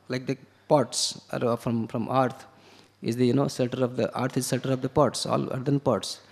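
A man teaching a scripture class, explaining verses and word meanings one step at a time and sometimes chanting lines in Sanskrit. His voice sits at a middle pitch. A long reverb trails after his words, as if he is speaking in a large hall. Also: flat delivery, moderate pace, gravelly, husky.

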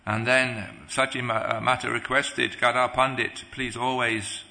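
A man preaching a devotional sermon, halting, with many restarts and pauses. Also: mid-range voice, little pitch movement, gravelly, pushed and bright, big-room sound.

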